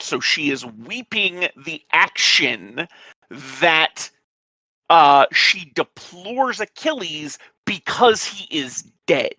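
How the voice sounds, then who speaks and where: A man talking slowly and haltingly in a casual podcast discussion, with a bright, forward tone. His voice sits a little high for a man, and the sound is close and dry with no room around it. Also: animated, no room sound, low-quality recording. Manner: hesitant, reads passages aloud carefully, many fillers. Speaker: podcast co-host.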